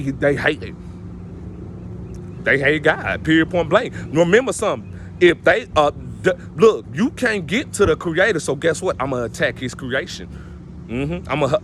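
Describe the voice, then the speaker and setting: A man's voice: fairly high pitch, fairly bright tone, slight background noise. A man giving casual motivational advice, emphatic and preachy, often repeating his stock phrases. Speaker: vlogger giving life advice.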